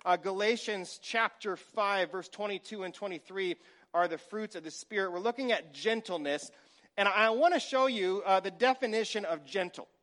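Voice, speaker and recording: Man preaching a sermon, forties, high voice, bright tone, animated storyteller who sinks to a whisper at times. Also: normal speed. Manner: animated storytelling, acts out scenes, drops to a whisper. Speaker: pastor.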